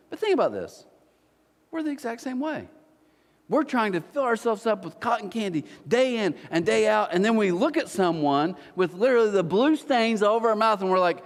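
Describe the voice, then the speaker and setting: A man's voice: extremely high pitch, very animated, moderate pace. Pastor guy preaching, teases the crowd, big church hall with lots of reverb. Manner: joking storyteller, teasing the congregation. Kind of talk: sermon. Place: large church auditorium.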